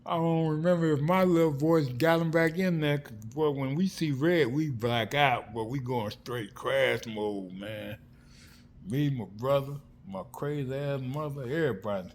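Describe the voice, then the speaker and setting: A middle-aged man from South Florida telling family stories in an animated, slangy vlog monologue, acting out the people he quotes. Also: medium pitch, unhurried. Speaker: vlogger. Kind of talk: casual storytelling monologue. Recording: faint background noise.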